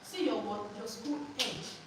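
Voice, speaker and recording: In an echoey hall with noise and a microphone placed far away, a woman with a slightly high voice speaks at an unhurried pace. She's conducting a teacher training workshop, drilling attendees with call-and-response and having them finish her lines.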